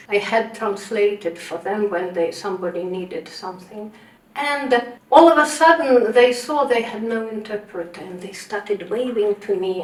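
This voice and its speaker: Older Russian-accented woman, halting and earnest. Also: mid-range voice. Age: 60s. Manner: earnest, halting, frequent hesitations. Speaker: devotee sharing testimony. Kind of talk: personal testimony. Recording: roomy, distant mic.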